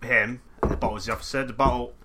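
A man's voice: mid-range voice, fairly even intonation, very fast, background noise. A man co-hosting a podcast in casual banter, with dry, blunt retorts. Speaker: podcast co-host.

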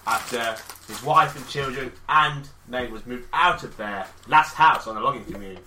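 A man co-hosting a casual podcast, reading out a story with dry, deadpan asides. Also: mid-range voice, moderate pace, echoey room, a little hiss or hum, poor audio. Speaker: podcast co-host.

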